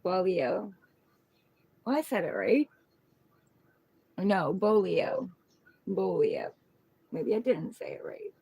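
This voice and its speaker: A woman's voice: on the low side, slow, creaky, long pauses, slightly rough, no echo, low-quality recording. A middle-aged woman hosting a casual livestream at home on her phone, chatting loosely and cooing fondly to her pet. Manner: relaxed, chatty, coos affectionately to her pet. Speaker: tarot reader livestream host.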